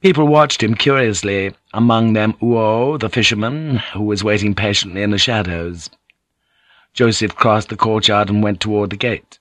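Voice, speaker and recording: A man reading an audiobook in a measured, even narration. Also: lowish voice, no room sound. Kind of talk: scripted narration.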